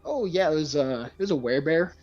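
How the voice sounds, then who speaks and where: A man playing a tabletop game who talks in a relaxed, hesitant way. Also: a little high, fast, highs cut off. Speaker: player. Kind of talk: casual game chat.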